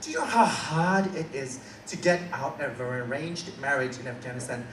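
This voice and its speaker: Young Australian man, animated stand-up. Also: a little high, moderate pace, few pauses, a little hiss or hum. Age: young adult. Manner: animated storytelling with crowd work. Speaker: stand-up comedian. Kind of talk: stand-up comedy set. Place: small coffee shop venue, indoors. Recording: roomy, distant live room recording. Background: room ambience and audience laughter.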